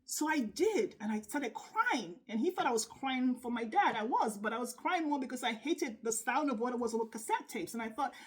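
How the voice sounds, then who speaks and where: A middle-aged woman, working as a sales coach, delivers an earnest, faith-based motivational talk. Her voice is on the high side and expressive, and she speaks emphatically with dramatic, preacher-like pauses.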